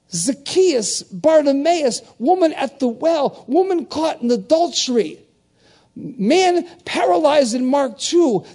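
An older male preacher with a fairly high voice who preaches in animated call-and-response. He leaps between soaring, loud cries and low, hushed storytelling, often pushing the room for answers. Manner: animated call-and-response preaching with wide swings in pitch and volume. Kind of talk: sermon.

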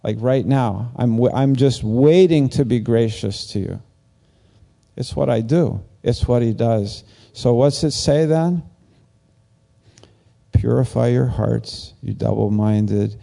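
Gravelly, slow-talking man preaching casually. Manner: animated, rambling, acts out quoted lines in a higher voice. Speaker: pastor. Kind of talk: casual conversational sermon.

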